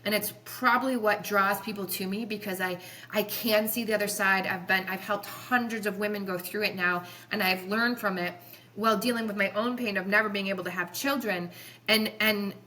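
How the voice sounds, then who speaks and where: A woman's voice: medium pitch, fairly even intonation, moderate pace, pushed and bright. A woman in her forties, a chiropractor guest on a podcast, telling stories in an earnest, passionate, rambling way. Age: 40s. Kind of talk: emotional podcast storytelling.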